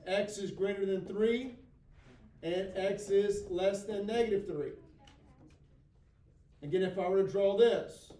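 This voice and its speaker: A man's voice: high voice, warm tone, echoey room. A man teaching a math class, lecturing in a folksy, self-deprecating way and often checking in with his students. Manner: frequent check-ins with the class.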